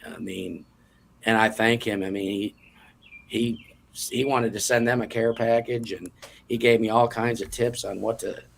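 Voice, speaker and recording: Gravelly-voiced man guest, earnest. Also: on the low side, fairly even intonation, unhurried, slight background noise. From New York area. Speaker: guest, competition cook. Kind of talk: casual interview chat.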